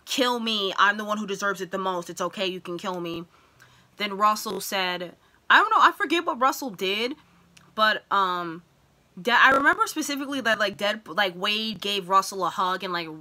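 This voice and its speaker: Young woman vlogger, bright and sharp tone, chatty, filler-heavy, spikes high when excited. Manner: excited retelling with many fillers, voice jumps high when worked up. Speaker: vlogger reviewing a film. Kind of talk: casual chat.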